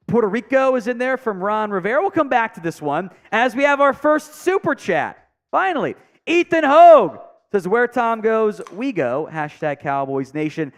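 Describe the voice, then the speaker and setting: Male stream host, high and lively voice, chatty and joking, reads chat aloud, soft music underneath. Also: smooth. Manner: reads viewer comments aloud, chatty and joking, trails off into mumbled asides. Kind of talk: casual live stream chat.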